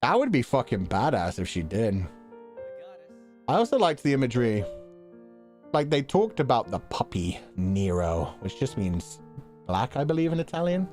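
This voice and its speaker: A male streamer winds down with casual chat to his viewers, his pitch swinging in an animated way. He laughs often, thinks out loud and drops a casual swear here and there. Faint music plays softly underneath. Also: moderate pace, pauses often. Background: faint background music.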